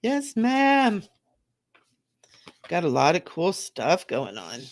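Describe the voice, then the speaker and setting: Chatty psychic woman with gravelly voice. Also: very deep voice, lively intonation, moderate pace. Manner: chatty, repeats phrases, gentle encouraging tone. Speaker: psychic medium doing live readings. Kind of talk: casual live-stream reading.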